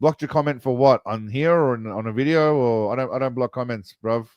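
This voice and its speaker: A man's voice: medium pitch, a little fast, no room sound, highs cut off. A man streaming live, reacting to a video with loose, joking commentary and casual swearing, greeting viewers as he goes.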